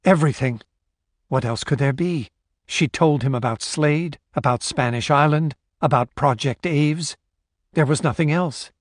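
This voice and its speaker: A man's voice: on the high side, unhurried, dry recording, clean studio sound. A man voicing a frightened woman who pleads desperately and sobs, in an audiobook. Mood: pleading. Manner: desperate, sobbing pleas. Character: terrified pleading woman, a nurse's wife.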